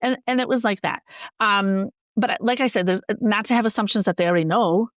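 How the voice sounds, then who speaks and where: A woman teacher, a guest in an interview, telling classroom stories in an animated, conversational way. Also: medium pitch, fast talker, no echo, clean studio sound. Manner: animated, acts out quoted dialogue. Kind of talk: conversational storytelling.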